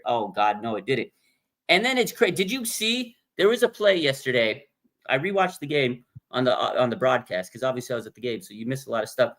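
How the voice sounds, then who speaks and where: A man's voice: a little high, a bit bright. A man hosting a casual fan livestream, talking bluntly and with animation, reading viewer comments aloud and reacting to them. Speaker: livestream host.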